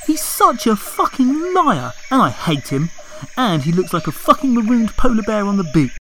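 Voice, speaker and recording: A man's voice: high voice, sing-song, moderate pace, fairly bright tone, a little hiss or hum, rough recording. A man voicing a weary, fed-up woman politician stranded on an island, complaining and swearing. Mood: resentful.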